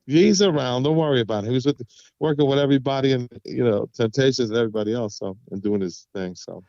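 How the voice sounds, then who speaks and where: A man's voice: fast talker, no room sound, muffled recording. A man guest on an interview show, chatting casually and telling stories with vivid voiced quotes. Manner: animated storyteller, acts out quotes with big pitch jumps. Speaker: guest vocalist.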